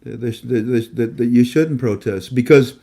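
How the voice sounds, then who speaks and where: A man's voice: mid-range voice, normal speed, creaky, mellow. A man hosting a casual monologue show, talking emphatically and preachily, repeating himself and stammering often. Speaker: host. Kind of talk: casual live-stream monologue.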